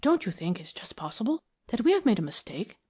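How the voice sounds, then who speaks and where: Woman playing an eager gentleman sleuth. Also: sits high, brisk, slightly rough, exaggerated voice. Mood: whispering. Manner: excited, rising, emphatic; whispers when wary.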